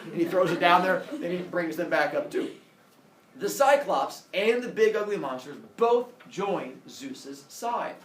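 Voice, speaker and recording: A man's voice: sits high, a little slow, a crowd in the background. A man casually retelling a myth in a playful, comic way, jumping between character voices. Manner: lively, playful, lots of voices and fillers. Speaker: storyteller. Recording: echoey room, distant mic, faint noise.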